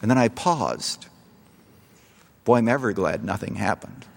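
Middle-aged male preacher, animated pitch, storytelling sermon, long hall reverb. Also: a little slow, gravelly, very noisy. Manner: storytelling, rising to loud impassioned appeals. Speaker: pastor.

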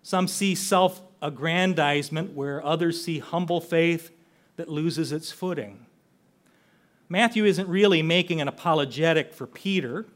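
Older male preacher, slightly high voice, earnest conversational sermon delivery. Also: a bit bright. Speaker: pastor.

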